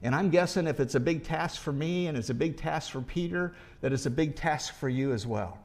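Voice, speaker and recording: Pastor, male, fairly high voice, relaxed talky preaching with restarts. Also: a little fast. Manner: conversational preaching with rhetorical questions. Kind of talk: sermon.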